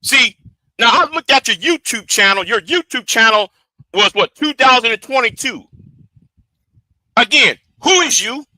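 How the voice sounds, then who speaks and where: A man's voice: very high-pitched, lively intonation, a little slow, long pauses, sharp tone, no room sound, rough recording. A man on a livestream, angrily and profanely calling out a rival he speaks to directly. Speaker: live streamer. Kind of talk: confrontational livestream rant. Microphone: streaming setup.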